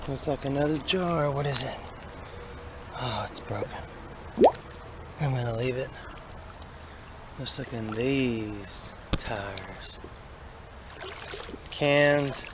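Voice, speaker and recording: A man, chatting excitedly to himself and his viewers as he searches a creek outdoors. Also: mid-range voice, takes it slowly, pauses often. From Alabama. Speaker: vlogger. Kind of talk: casual outdoor narration. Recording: outdoor recording with clear background noise.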